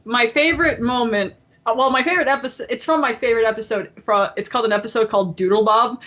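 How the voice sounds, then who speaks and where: A young woman hosts a casual podcast chat in a fairly high voice at a quick pace, and the audio sounds dull. She tells stories in a giggly, animated way, laughing a lot and acting out quoted voices.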